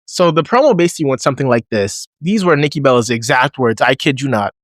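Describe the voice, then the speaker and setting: A man giving a casual recap and review of a wrestling show, animated, acting out his own reactions in a raised voice. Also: mid-range voice, fast, hardly any pauses, no echo, clean studio sound.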